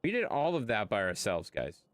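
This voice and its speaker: A man's voice: lowish voice, big pitch swings, moderate pace, no room sound. A man chatting casually to his viewers during a livestream, rambling and swearing freely. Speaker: game streamer.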